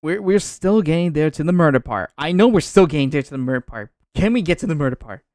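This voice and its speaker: A man's voice: fairly high pitch, lively intonation, fast, darkish tone, no echo. A man streaming a game, making casual, chatty asides. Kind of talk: live game playthrough chat. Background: game music.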